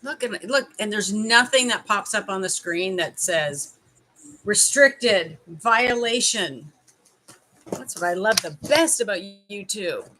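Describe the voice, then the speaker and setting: A Canadian woman in her thirties chats with viewers on a casual live stream from home. Her voice is bright and crisp, and she keeps up a teasing, joking tone and laughs often. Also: mid-range voice, expressive, normal speed, few pauses, a little hiss or hum. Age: 30s. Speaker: life coach hosting a live stream.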